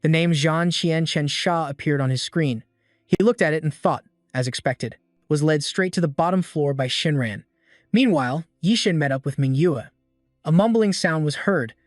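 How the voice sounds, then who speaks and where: A man narrating a comic story recap in a steady storytelling manner. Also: on the high side, moderate pace, dry recording, clean studio sound. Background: faint background music.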